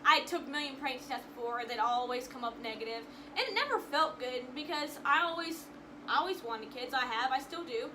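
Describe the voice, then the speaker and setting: A woman's voice: high voice, expressive, a little fast, background noise. A young woman vlogger telling a personal story to camera in an emotional, rambling way, with frequent restarts.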